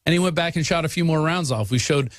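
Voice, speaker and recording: Guy hosting talk radio, argues fast with lots of uh's, dry close mic. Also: fairly high pitch, dry recording. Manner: argumentative, rapid asides, frequent fillers. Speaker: radio talk show host. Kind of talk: political talk radio monologue.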